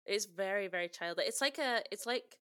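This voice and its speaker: A woman's voice: mid-range voice, lively intonation, brisk, fairly bright tone, smooth, no room sound, clean studio sound. A woman co-hosting a podcast in casual chat, talkative and prone to laughing. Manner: chatty, giggly, lots of fillers. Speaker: podcast co-host.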